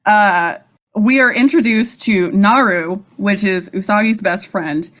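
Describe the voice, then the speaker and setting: A woman's voice: mid-range voice, a little slow, fairly bright tone. A woman co-hosting a casual podcast, recapping an episode with frequent laughs and swearing. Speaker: podcast co-host. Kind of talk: casual rewatch chat.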